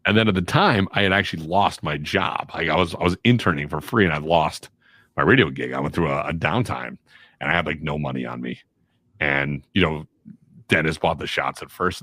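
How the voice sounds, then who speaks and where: A man, a radio and voiceover professional, telling animated anecdotes in casual chat, acting out the people in his stories. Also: rumbling low, dry recording. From Chicago area. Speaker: guest voiceover artist and radio personality.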